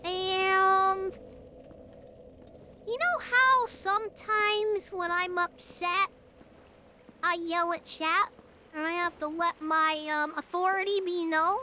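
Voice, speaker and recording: A young woman streamer telling stories to her chat in a casual, animated, blunt and profane way that climbs toward yelling. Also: very high-pitched, slow pace, pauses often. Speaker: live streamer. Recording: clear background noise.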